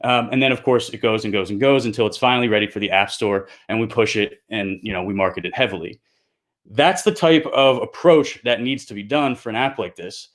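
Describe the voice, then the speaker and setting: A man's voice: fairly low pitch, fairly quick, fairly bright tone. A man, co-founder of a project, hosting a live stream and talking earnestly, growing heated and insistent, with frequent restarts. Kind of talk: unscripted livestream monologue.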